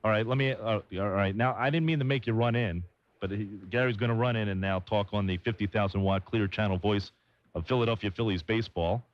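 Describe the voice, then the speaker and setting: A man hosting a call-in sports radio show, bantering and joking quickly with callers and a colleague. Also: lowish voice. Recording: dull lo-fi AM radio broadcast.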